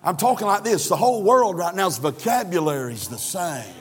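A man preaching a sermon, telling a story and then rising to shouted emphasis in a church. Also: sits high, animated, normal speed, hardly any pauses. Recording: echoey church hall.

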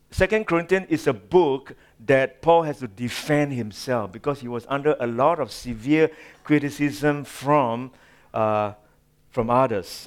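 A male pastor preaching a sermon, swinging from loud, drawn-out phrases to hushed asides. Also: mid-range voice.

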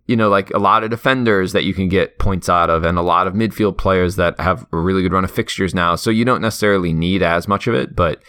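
A man's voice: low-pitched, steady tone, fast talker, few pauses, fairly bright tone, clear, resonant tone, dry recording. Podcast host, a man from the northern Midwest: dry, close sound, loose and chatty. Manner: rambling, thinks aloud with many fillers. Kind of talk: casual chat.

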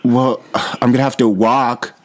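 A man's voice: mid-range voice, little pitch movement, measured pace, over a noisy crowd, close to an everyday voice. A man voicing a fussy, overly earnest woman on a prank phone call, prim and politely whiny. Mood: fake earnest. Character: fussy fake-sweet white woman caller, adult.

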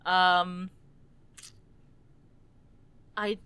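A woman's voice: on the low side, level tone, drawn-out words, pushed and bright, smooth, dry recording. A woman co-hosting a podcast, chatting casually about a book with lots of "like" and "um". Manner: chatty, hedging, frequent "like" and "um". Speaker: podcast co-host.

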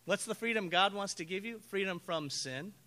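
A man preaching a sermon as pastor, telling stories with animated acted-out quotes. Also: high-pitched, normal speed. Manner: animated storytelling, acts out quoted voices.

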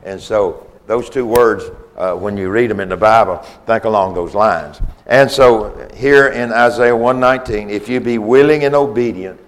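A man's voice: on the low side, moderate pace, few pauses. A man preaching a sermon with a Southern US accent, earnest and repetitive, restarting phrases for emphasis.

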